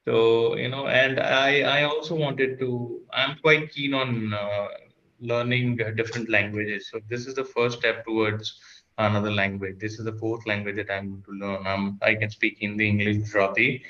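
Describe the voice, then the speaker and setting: A man's voice: fairly low pitch, fairly even intonation, normal speed, sharp tone. A man, a student, introducing himself in an online class, hesitant and full of uhs and restarts, heard over a video call. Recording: muffled video call audio.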